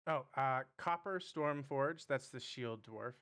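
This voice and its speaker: A man acting as game master of a live-streamed tabletop game, halting as he thinks aloud while he describes things. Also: mid-range voice, a bit bright, smooth.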